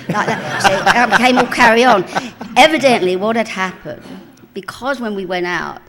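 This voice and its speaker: An older woman with a London accent, telling cheeky show-business anecdotes in a chatty, animated way during a live stage interview in a cinema. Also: medium pitch, moderate pace. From England. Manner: chatty, animated storytelling with bursts of laughter; mouthy, cheeky. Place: cinema auditorium with live audience.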